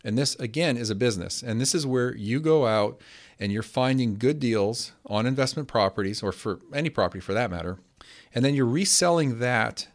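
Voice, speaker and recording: A man hosting a podcast, answering a listener's question in a measured, explanatory way. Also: medium pitch. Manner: explanatory, measured, steady teaching tone. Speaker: podcast host.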